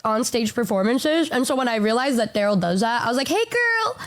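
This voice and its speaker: A woman's voice: a little high, fast talker. A woman VTuber chatting casually on stream, hesitant and stammering, playing down her own worth. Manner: hesitant, stammering, self-deprecating.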